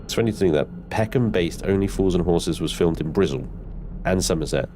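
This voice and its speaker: A man's voice: sits low, a little fast, over music. A man commenting on a live space game stream, chatty and joking at his own expense. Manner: chatty, jokey, self-mocking.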